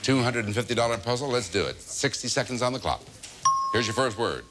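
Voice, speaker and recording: A man hosting a TV game show, brisk and jokey, chuckling as he moves things along. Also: medium pitch, animated, a loud crowd. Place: TV studio with live audience. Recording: old TV broadcast with audience and music.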